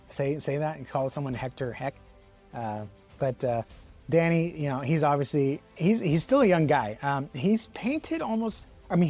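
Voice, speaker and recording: A man's voice: on the high side, darkish tone. A man giving a casual comic book review, rambling with many fillers and restarts and the odd chuckle. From Texas.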